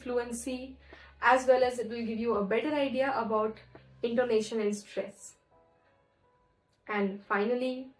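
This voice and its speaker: Higher-voiced woman teaching pronunciation. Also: low-quality recording. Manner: clear, explanatory, slows down to model French words. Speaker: French teacher. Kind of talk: online language lesson.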